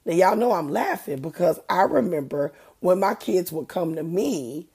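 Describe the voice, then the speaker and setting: A woman's voice: on the low side, expressive, moderate pace, darkish tone, breathy edge. A middle-aged woman hosting a faith podcast, talking earnestly and conversationally with preacher-like emphasis, a bit congested from allergies. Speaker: podcast host. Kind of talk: faith-based podcast monologue.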